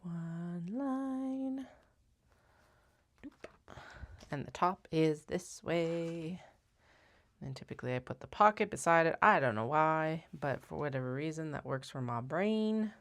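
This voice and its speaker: A woman with a low, gravelly voice talks her way through a sewing job on a live stream. Her pitch swings widely as she chats, wry and self-mocking, with the odd curse. It sounds like easygoing running commentary. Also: animated, normal speed, a bit bright. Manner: chatty, wry, swears and laughs at herself. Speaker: sewist hosting a craft live stream. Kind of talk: casual running commentary while working.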